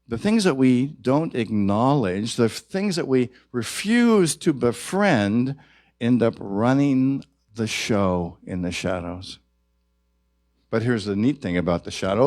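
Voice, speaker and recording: A male minister giving a sermon at a church service, gentle and reflective, his voice rising to stress key points. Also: mid-range voice, no echo, clean studio sound.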